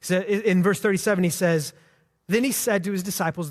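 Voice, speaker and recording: High-voiced preacher in a reverberant hall. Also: male voice, fairly even intonation, brisk. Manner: conversational, earnest, with frequent restarts. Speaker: pastor. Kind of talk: sermon. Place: church sanctuary.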